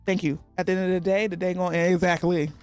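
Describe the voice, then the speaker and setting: A woman's voice: fairly low pitch, flat delivery, fast, darkish tone, soft background music, a faint crowd. A woman with a Texan accent and a slight lisp, chatting casually on a live stream and laughing often as she answers her chat.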